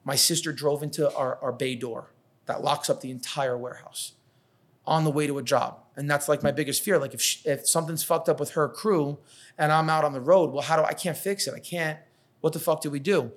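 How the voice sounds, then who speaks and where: Brief: thirties male business owner, sweary, animated raconteur, slightly high voice. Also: fairly quick. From New York. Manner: profane, animated storytelling, acts out quotes. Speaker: catering business owner, podcast guest. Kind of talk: casual podcast conversation.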